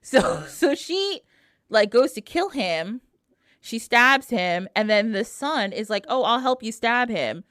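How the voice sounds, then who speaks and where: A woman's voice: on the high side, big pitch swings, takes it slowly, fairly bright tone, no room sound, clean studio sound. Slangy, laughing woman storyteller. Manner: slangy, laughing, acts out characters. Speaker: podcast co-host. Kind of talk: casual myth retelling with voiced quotes.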